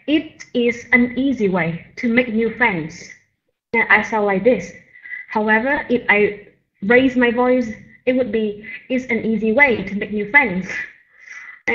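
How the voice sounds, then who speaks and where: A woman's voice: a little high, a bit bright, lo-fi sound. A woman teaching English, patiently correcting a student's intonation and modeling sentences. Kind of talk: pronunciation coaching.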